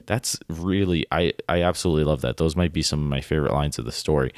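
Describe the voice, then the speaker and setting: A man's voice: rumbling low, fast, hardly any pauses, a little mellow, no room sound, studio quality. A man hosting a podcast, talking through a short story and reading passages aloud in an eager, rambling way, often asking "right?". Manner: enthusiastic, filler-heavy, often tags "right?". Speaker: podcast host. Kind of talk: casual literary discussion, reading quotes aloud.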